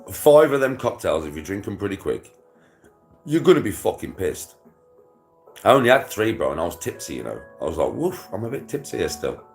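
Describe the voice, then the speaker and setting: A young man with a British accent hangs out on a livestream, chatting casually, swearing, dropping slang, and laughing often. His low voice is very animated and a little fast. Faint music can be heard behind him.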